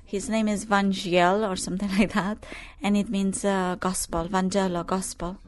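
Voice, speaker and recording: Woman preaching, monotone-ish, lots of uhs, gets loud and fiery at times. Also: medium pitch. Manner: halting, many fillers and restarts; grows loud and forceful when preaching. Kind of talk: sermon reading news and prophecy.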